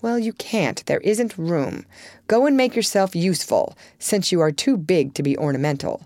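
A woman reading aloud, voicing a spirited, blunt young woman who scolds briskly and comforts softly. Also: on the low side, expressive, no room sound, natural voice. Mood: brisk teasing.

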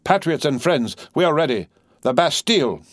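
A man voicing a fierce male revolutionary leader who runs a wine shop, giving commanding, rousing shouts in a storybook reading. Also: mid-range voice, big pitch swings, fairly quick, no echo, studio quality, voice pushed up.

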